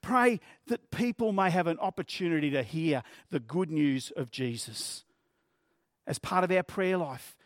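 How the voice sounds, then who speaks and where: A man's voice: fairly high pitch, animated, a little slow, dry recording, clean studio sound. A man preaching a sermon as pastor, earnest and plain-spoken, using vivid everyday examples.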